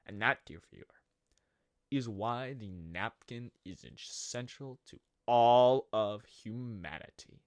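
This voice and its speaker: A man's voice: mid-range voice, slow, clear, resonant tone, no echo, clean studio sound. A man narrating a comedy history video in a sarcastic, jokey way, wandering off into rambling asides. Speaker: video host.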